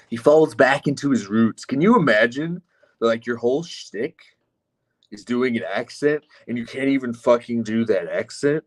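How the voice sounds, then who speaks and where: A man's voice: mid-range voice, unhurried. A man streaming live, reading chat comments aloud and answering them with sardonic, profane mockery. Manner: sardonic, mocking, profane asides.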